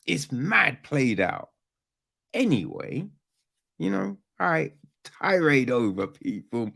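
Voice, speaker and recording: A man's voice: a little high, big pitch swings, slow pace, creaky, sharp tone. A man hosting a podcast, ranting casually about a film in a profane, rambling way with lots of slang and restarts. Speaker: podcast host. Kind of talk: casual film review rant.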